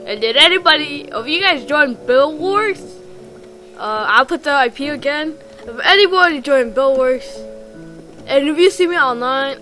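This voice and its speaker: A woman giving rambling, excitable let's play commentary while gaming, full of ums and restarts. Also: high-pitched, moderate pace, soft background music, poor audio. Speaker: gamer.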